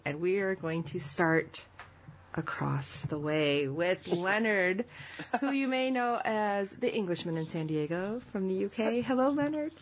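A woman hosting a casual group podcast, upbeat and laughing often as she introduces her guests. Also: fairly low pitch. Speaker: podcast host.

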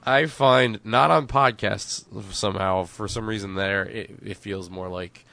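Young male co-host, excitable and quick to laugh, gravelly, dry close sound. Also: on the low side, no echo. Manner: excitable, laughs often, acts out quotes. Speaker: podcast co-host. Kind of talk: casual chat.

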